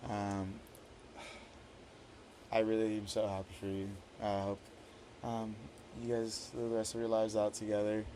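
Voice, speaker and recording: Young adult man, lowish voice, rambling wedding toast full of fillers, faint noise floor. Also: completely flat delivery, unhurried, long pauses, dark tone. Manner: rambling, many fillers and restarts. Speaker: brother of the bride giving a toast.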